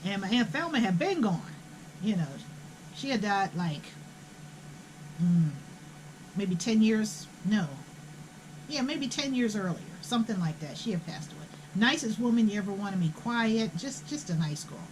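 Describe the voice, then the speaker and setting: A woman's voice: medium pitch, expressive, normal speed, a little hiss or hum, rough recording. An older woman, telling a family story in a blunt, profane, indignant way. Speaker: host. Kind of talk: casual storytelling.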